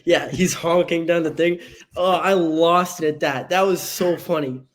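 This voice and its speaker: A man co-hosting a casual movie podcast, bantering playfully with boastful jokes and quick asides. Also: on the high side, steady tone. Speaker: podcast co-host.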